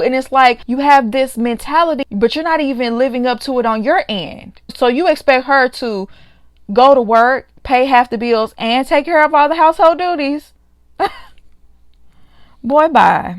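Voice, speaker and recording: A woman's voice: on the high side, dry recording. A woman reviewing a reality show in a casual, exasperated rant, often mimicking the people she talks about. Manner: exasperated, quotes others in mocking voices.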